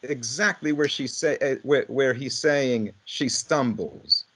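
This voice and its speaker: A man with an ordinary, mid-range voice leading a relaxed conversation about poetry. He affirms his guest often and fills in brief explanations in a plain, conversational way. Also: mid-range voice, slow pace. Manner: affirming, backchanneling with short agreements. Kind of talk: casual conversational teaching talk.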